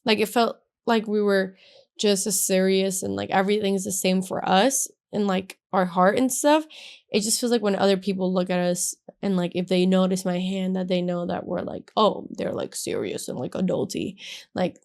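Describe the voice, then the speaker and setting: A woman's voice: medium pitch, flat delivery, normal speed, a little mellow. A young woman in her twenties hosting a podcast, telling a personal story in a gushing, casual way, with "like" in almost every sentence. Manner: gushing, filler-heavy, says "like" constantly. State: emotional, has a headache. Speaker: podcast host.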